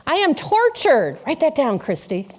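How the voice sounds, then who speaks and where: Woman pastor, high voice, lively swooping pitch, call-and-response sermon in a church. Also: moderate pace. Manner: asks the congregation questions and repeats their answers. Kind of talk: interactive sermon. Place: church sanctuary.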